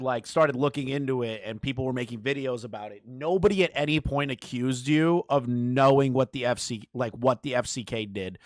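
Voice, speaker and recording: A man giving sarcastic, profane reaction commentary, mocking what he hears and breaking into loud outbursts. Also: medium pitch, no echo. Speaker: commentary YouTuber. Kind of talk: reaction commentary over a call recording.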